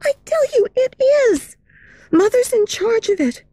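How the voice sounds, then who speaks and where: A woman reading aloud and voicing a frightened, secretive young ballet girl in a high, hushed voice. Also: big pitch swings, measured pace, no room sound, full character voice. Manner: hushed, urgent, fearful.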